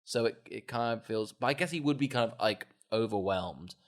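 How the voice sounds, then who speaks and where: A man co-hosting a casual film podcast, talking excitedly and swearing freely, with frequent laughter. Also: lowish voice, moderate pace. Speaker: podcast co-host. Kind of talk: casual chat.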